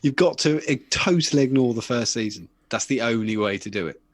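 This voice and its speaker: Northern English man, mid-pitched, dry close mic, chatty storyteller who does voices. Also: brisk, no echo. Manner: rambling storyteller, puts on voices in anecdotes, frequent restarts. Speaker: podcast co-host. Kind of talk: casual chat.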